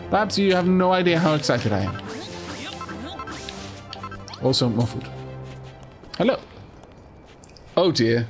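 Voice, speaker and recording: A man's voice: fairly high pitch, sing-song, slow pace, creaky, long pauses, soft background music. A young man casually commentating a game, playful and self-deprecating, stammering through asides. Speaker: let's play host.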